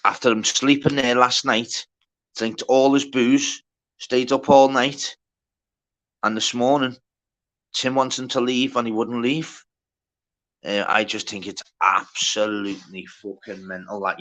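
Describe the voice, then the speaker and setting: A man's voice: medium pitch, fairly bright tone. A man hosting a casual livestream, reading out the chat, greeting viewers by name and bantering with plenty of swearing. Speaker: livestream host.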